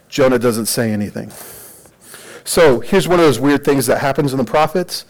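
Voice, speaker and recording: A man preaching in a casual, animated way, retelling a story with jokes and lots of "like.". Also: mid-range voice, normal speed, rough recording.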